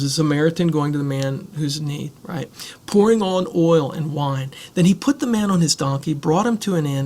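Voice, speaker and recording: A man's voice: on the high side, darkish tone. A man preaching a sermon as pastor, reading scripture and reflecting earnestly on it.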